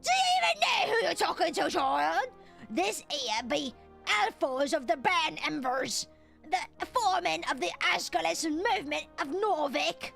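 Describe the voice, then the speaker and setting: A woman voicing a gruff, defiant older male dwarf foreman in a video game, reading his lines in character with a blustering, dismissive manner. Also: very high voice, big pitch swings, measured pace, a bit bright, faint music behind, heavily acted.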